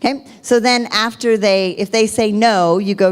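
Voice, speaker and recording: Woman demonstrating a sales pitch. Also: moderate pace, few pauses, a little mellow. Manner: upbeat, demonstrates scripts. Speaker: sales trainer. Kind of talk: role-played sales pitch. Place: video call.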